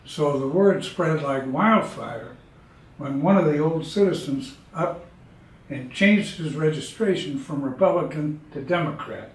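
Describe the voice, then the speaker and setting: A man, telling folksy jokes in a relaxed, drawling way. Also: a little high, measured pace, far from the mic. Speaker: storyteller. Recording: echoey room, speaker away from mic.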